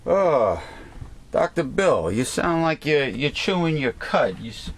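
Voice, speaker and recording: A man's voice: fairly high pitch, sing-song, takes it slowly, slight background noise. Rambling, chatty male talk show host. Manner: rambling, chatty, many fillers and restarts. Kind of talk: casual talk show chat.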